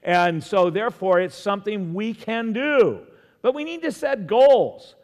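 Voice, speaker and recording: A middle-aged pastor delivers a sermon in an earnest voice that sits high for a man, calling out to his congregation. His words ring with the long reverb of a large hall. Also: expressive, unhurried, darkish tone.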